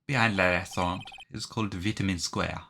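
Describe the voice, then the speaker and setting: A man voicing a charming male French restaurateur, with a deliberately over-the-top fake French accent, speaking slowly and suavely. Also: on the low side, gravelly, noisy background. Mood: coy.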